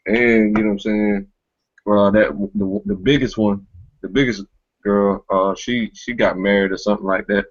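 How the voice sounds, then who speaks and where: A man's voice: lowish voice, steady tone, normal speed, lo-fi sound. A man hosting a casual online talk show, rambling and filling with a stock phrase. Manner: rambling, fills with "you know what I'm saying".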